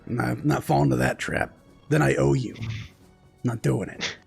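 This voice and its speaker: A man doing a cocky gravelly ghoul. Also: mid-range voice, moderate pace, faint music behind. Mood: cocky banter. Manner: cocky, teasing.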